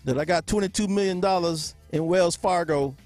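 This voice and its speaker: A man's voice: high-pitched, moderate pace, a little mellow, no room sound, soft background music. A man hosting a casual sports podcast, joking, laughing often and greeting viewers by name. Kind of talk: casual live-stream chat with viewers.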